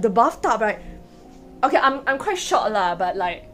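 Woman streamer, bright higher voice, giggly, excitable, repeats herself, faint music behind. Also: normal speed. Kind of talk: casual live stream chat. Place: hotel room.

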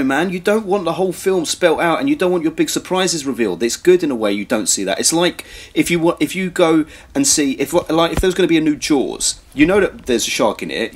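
A man co-hosting a casual film podcast, talking in rambling, animated bursts with frequent restarts. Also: a little high, slightly rough. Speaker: podcast co-host. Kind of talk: casual chat.

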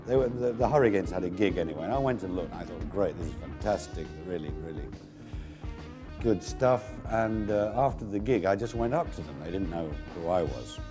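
Deep-voiced producer reminiscing. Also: male voice, fast talker, hardly any pauses, over music. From England. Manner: relaxed rambling storytelling with many fillers. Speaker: record producer. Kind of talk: interview recollection.

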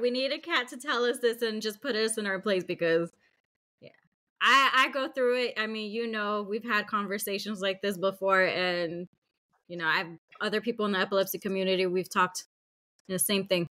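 A woman's voice: medium pitch, normal speed, pushed and bright, dry recording. A woman hosting a podcast in casual conversation, agreeing and laughing often. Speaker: podcast host. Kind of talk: casual chat.

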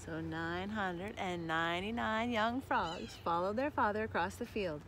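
A woman reading a children's picture book aloud with slow, expressive storytelling, with background noise. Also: medium pitch. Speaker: storybook reader.

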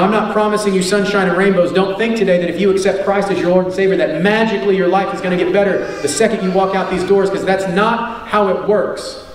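Pastor preaching in an echoey church. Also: male voice, high voice. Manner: earnest preaching with emphatic repetition. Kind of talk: sermon. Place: church sanctuary. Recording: echoey church hall, mic at a distance.

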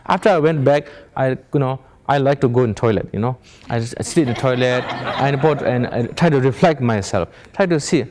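Lively male meditation teacher. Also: medium pitch, fairly quick. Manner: plain non-native English, rhetorical questions, chuckles while telling stories. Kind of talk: informal spiritual teaching to an audience.

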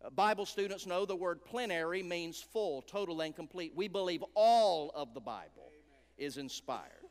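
A man with a high, smooth, resonant voice preaches a revival sermon. He hammers the phrases and then sinks to a near whisper on key words. His voice rings through a large church sanctuary with long reverb. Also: expressive, normal speed. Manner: emphatic preaching with dramatic drops to a hush. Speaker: guest preacher.

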